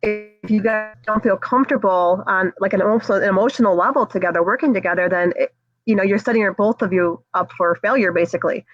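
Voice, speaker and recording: A woman podcast host in casual interview chat, supportive and quick, with many fillers. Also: mid-range voice, faint music behind. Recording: dull dry sound.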